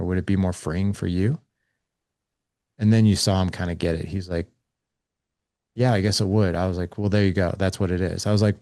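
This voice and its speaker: A man's voice: fairly low pitch, warm tone, dry recording, studio quality. A man in his forties, a podcast guest, earnestly recounting a talk with his son and acting out both sides of the conversation. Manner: earnest, acts out quoted dialogue with his son. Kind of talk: candid conversational storytelling.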